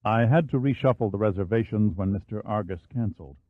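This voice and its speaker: A man's voice: on the low side, fairly quick, dry recording, lightly acted. A man voicing a courteous, businesslike club manager in an audiobook. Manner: polite, businesslike. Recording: dry, phone-like narrow band.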